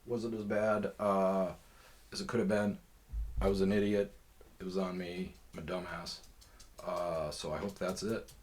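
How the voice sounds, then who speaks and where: A man's voice: deep voice, flat delivery, a little slow. A man hosting a podcast, telling a long personal story in a rambling, profane way with lots of fillers. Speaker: podcast host. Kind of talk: casual storytelling.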